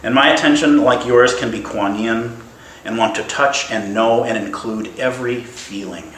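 A man giving an animated, playful dharma talk as a Zen teacher, laughing often. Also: on the low side, slight background noise. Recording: echoey room, mic at a distance.

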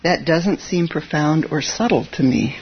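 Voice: mid-range voice, unhurried, breathy edge, muffled recording. An irritable demanding visitor, read by a Zen teacher. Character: impatient male visitor demanding wisdom.

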